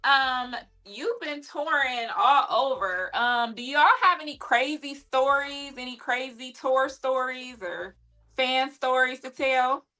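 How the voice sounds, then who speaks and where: A woman's voice: high voice, slow pace, sharp tone. A woman co-host asking guests friendly questions on a livestream, with hesitant fillers.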